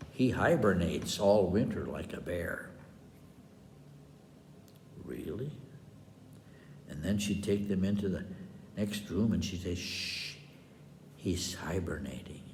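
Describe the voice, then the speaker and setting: An older man from Wisconsin tells rambling, folksy stories in a slow, unhurried way. His pitch swings up and down with a lively lilt, and his chuckles and asides come through an echoey room with a long reverb tail. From Wisconsin, USA. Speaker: storyteller. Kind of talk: folksy storytelling for children.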